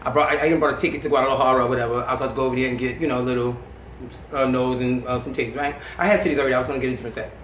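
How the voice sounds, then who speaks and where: Brief: outspoken woman storyteller, lively and blunt, full of laughs, recorded in a roomy space with faint noise. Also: a bass voice, racing. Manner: animated, blunt and slangy, laughing often. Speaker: interviewee telling stories. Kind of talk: candid storytelling interview.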